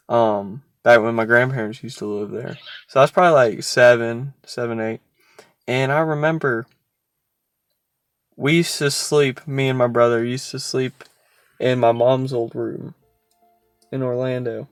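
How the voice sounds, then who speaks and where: A man hosts a casual podcast at an ordinary mid pitch. He chats loosely with a friend, laughs often and plays up his spooky stories with some drama. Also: clean tone, no echo, studio quality. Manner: chatty, laughs often, theatrical storytelling. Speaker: podcast host. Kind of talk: casual chat and storytelling.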